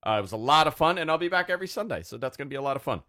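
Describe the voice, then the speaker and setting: A man's voice: fairly high pitch, expressive, very fast, sharp tone. Joking man hosting a wrestling podcast. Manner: loose, joking, rambling with restarts. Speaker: podcast host. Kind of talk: casual wrestling podcast chat.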